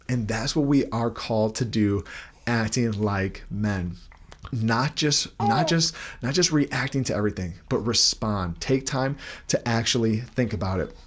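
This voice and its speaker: A man's voice: mid-range voice, normal speed. A young man giving an earnest devotional talk as a podcast host, asking many questions while holding his baby at home.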